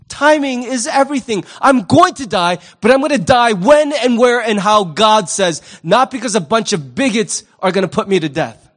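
A male pastor delivering a lively sermon, his voice sitting high for a man. He keeps it conversational and humorous, asking the congregation questions and slipping into quick character voices. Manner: conversational, asks the audience questions.

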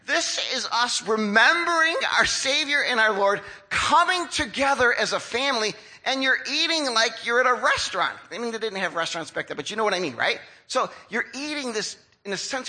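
A man around sixty preaching a sermon as a pastor, in a conversational, lively way that acts out the voices of the people he describes. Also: high voice, normal speed, rough recording.

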